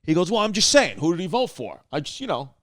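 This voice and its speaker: Animated storytelling man, fairly high voice. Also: fast, dry recording, studio quality. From New York City. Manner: animated storyteller, quotes others in lively voices. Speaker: podcast co-host. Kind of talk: casual storytelling chat.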